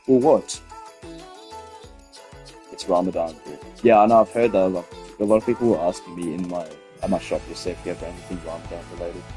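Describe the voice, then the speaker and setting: Low-voiced Australian teen streamer ranting. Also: male voice, steady tone, very fast, warm tone, faint music behind, low-quality recording. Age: late teens. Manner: rambling, heated storytelling with frequent restarts and swearing. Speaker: gaming streamer. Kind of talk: casual stream chat.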